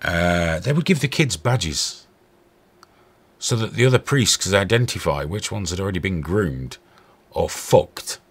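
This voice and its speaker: Gravelly man in a profane rant. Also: low voice, lively intonation, unhurried. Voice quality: profane, sarcastic. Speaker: host. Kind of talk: angry ranting commentary.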